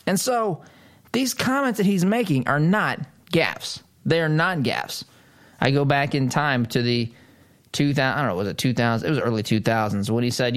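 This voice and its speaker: A man's voice: medium pitch, normal speed. A man hosting a political commentary show, talking emphatically and incredulously, repeating phrases for stress. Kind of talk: opinion commentary monologue.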